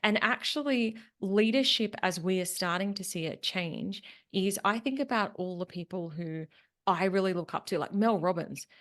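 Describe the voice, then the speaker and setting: A woman's voice: mid-range voice, normal speed. A woman speaking coach as a podcast guest, talking animatedly and acting out quotes in mock voices. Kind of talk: casual interview chat.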